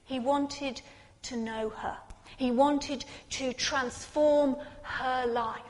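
A woman preaching a sermon, building to intense peaks and sinking to quiet, reflective passages. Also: sits high, steady tone, extremely slow. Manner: dramatic, rising to intense peaks then dropping quiet. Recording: long reverb in a large hall.

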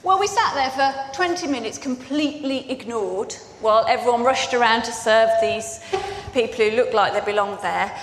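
Woman preacher, higher voice, chatty storytelling sermon, echoey church hall. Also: normal speed, slight background noise. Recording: echoey hall with long reverb.

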